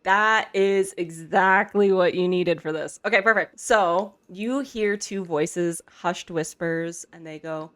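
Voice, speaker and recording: A woman's voice: fairly low pitch, slow, few pauses, a bit bright. A woman running a tabletop game, narrating scenes in a casual, chatty way. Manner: casual, chatty, laughs easily. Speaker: game master.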